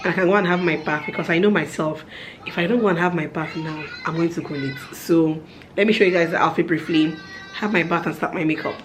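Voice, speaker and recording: A woman's voice: sits low, brisk, background noise. A woman, chatting upbeat as a vlogger at home. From Nigeria. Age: 30s. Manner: chatty, upbeat, lots of fillers. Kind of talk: casual vlog chat.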